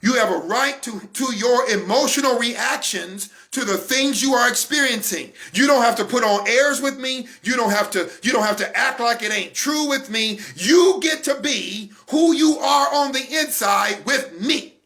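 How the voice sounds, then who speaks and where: A man in his forties hosting a weekly faith-based talk, speaking with fervor, repeating phrases for emphasis and rising to shouts. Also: extremely high pitch, moderate pace, few pauses. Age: 40s. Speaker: host of a weekly online talk broadcast.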